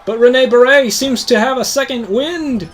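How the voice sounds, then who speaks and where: A young man hosting a video game show, giving mock wrestling play-by-play in a hyped announcer voice that climbs to shouts on big moves. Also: very high-pitched, normal speed. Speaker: host.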